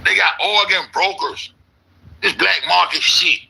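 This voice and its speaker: Raspy, bright-toned ranting man. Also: high voice, fairly even intonation, a little slow, poor audio. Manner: profane, repetitive, rambling. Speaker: internet commentator. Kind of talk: casual conspiracy rant.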